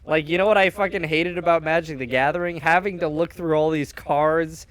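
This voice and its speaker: A young man chatting casually on a game stream, with deadpan, jokey delivery. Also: on the high side, fairly quick, smooth, no room sound.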